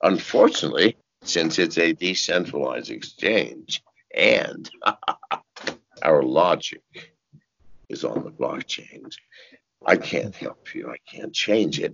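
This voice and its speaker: Gravelly older man, profane and animated. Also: highs cut off. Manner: profane, animated storytelling with sudden high shouts and laughs. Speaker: interview guest. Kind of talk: casual interview talk.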